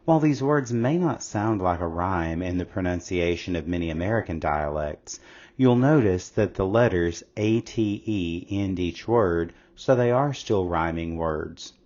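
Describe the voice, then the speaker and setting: Deep voiced guy reading a school lesson slow and steady, kinda dull lo-fi sound. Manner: slow, measured, explanatory. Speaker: narrator of an English lesson. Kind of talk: scripted educational narration. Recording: slightly dull lo-fi audio.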